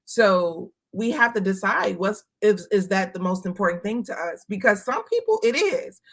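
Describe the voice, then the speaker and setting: A woman's voice: medium pitch, lively intonation, normal speed, a bit bright. A woman from Chicago talking candidly in a casual chat, emphatic and blunt, swearing now and then. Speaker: co-host.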